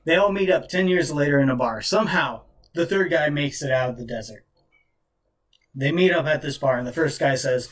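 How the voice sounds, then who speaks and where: A man's voice: fairly high pitch, a little fast. Chatty man hosting a live stream. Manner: chatty, telling jokes between play-by-play. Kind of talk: casual live stream commentary and chat.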